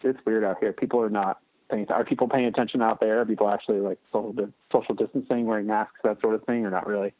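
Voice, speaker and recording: A man guesting on a podcast, talking in a relaxed, rambling way with casual swearing. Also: fairly low pitch, quick pace, dry recording. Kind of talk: casual interview chat. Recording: tinny phone-like line.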